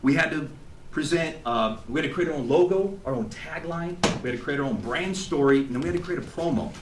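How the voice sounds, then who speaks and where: Animated man telling a story in an echoey hall. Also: a little high, fairly quick, noisy background. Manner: animated, acts out quotes, laughs along. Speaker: graduating student giving a speech. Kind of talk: storytelling speech at an event. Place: event hall with an audience. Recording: echoey hall, faint ambience.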